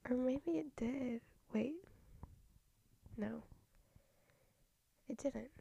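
A woman's voice: high-pitched, drawn-out words, gravelly, mellow, husky, dull audio. A young woman hosting her own podcast, rambling in an offhand, self-mocking way as she chats alone. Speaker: podcast host. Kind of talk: casual solo chat.

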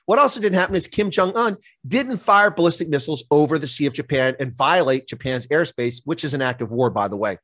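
A man speaking as a political interview guest, indignant and impassioned. His voice sits a little high. He hammers his points home with emphasis. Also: lively intonation, fairly quick, hardly any pauses, fairly bright tone, dry recording. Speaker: guest commentator.

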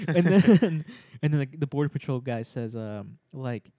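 A man's voice: a little high, expressive, slow, dark tone, dry recording, clean studio sound. A young man telling a story in casual chat among friends, laughing often and acting out the people he quotes.

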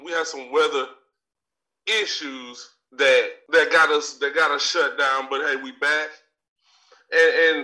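A man's voice: a little high, lightly acted. A man playing a brash, cocky talk-show star who rants profanely, in a live comedic stage bit. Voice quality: profane, swaggering delivery. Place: theater stage. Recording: distant live recording with crowd noise.

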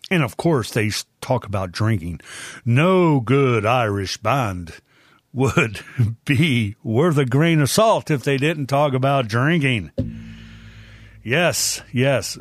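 An older man hosting a music show, introducing songs in an unhurried, folksy, chatty way. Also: mid-range voice, no room sound, studio quality. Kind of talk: casual spoken introduction of music.

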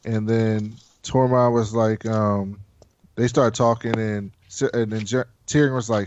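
A man in casual chat with a friend, retelling events in an animated way and acting out what each person said. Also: fairly low pitch, a little slow, highs cut off. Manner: animated storyteller acting out characters' lines. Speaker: podcast co-host recapping a TV episode.

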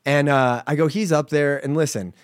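A man's voice: on the high side, moderate pace, clean tone, no room sound, studio quality. A man co-hosting a podcast, telling a story animatedly in casual chat, laughing and swearing often. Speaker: podcast co-host.

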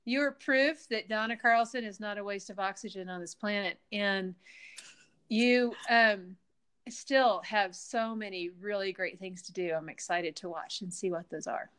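A woman's voice: medium pitch, moderate pace, fairly bright tone, clean tone. Chatty middle-aged woman podcast host. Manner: chatty and enthusiastic. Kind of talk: casual chat.

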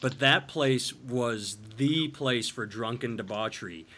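A man's voice: mid-range voice, slow, background noise. A man hosting a podcast, telling crude jokes and sarcastic stories in casual banter. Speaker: podcast host.

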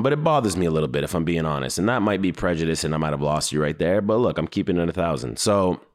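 A man giving casual reaction commentary on clips, talking bluntly and conversationally with frequent swearing. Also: fairly low pitch.

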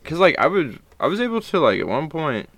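A man's voice: on the high side, big pitch swings, brisk, gravelly, fairly bright tone, no room sound. A young man co-hosting a podcast, chatting easily but hesitantly, often trailing off mid-sentence. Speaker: podcast co-host. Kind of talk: casual chat.

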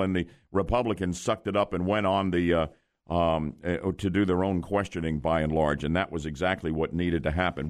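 A man hosting a talk radio show, emphatic and opinionated, taking calls in a studio. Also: low-pitched. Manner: emphatic, takes caller questions.

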